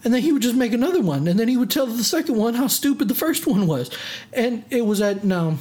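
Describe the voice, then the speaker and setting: A vlogger telling a personal story in a casual rant, animated and dramatic, with many fillers and restarts. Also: medium pitch, fast talker.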